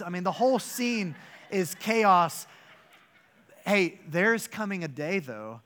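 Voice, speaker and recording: A man, a pastor, delivering a sermon with animated, emphatic storytelling and rhetorical questions. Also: fairly high pitch.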